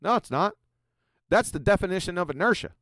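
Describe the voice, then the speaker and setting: A man's voice: sits high, animated, fairly quick, a bit bright, no room sound, clean studio sound. A man hosting a livestream in a combative, sarcastic way, reading quotes aloud and mocking them. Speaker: host.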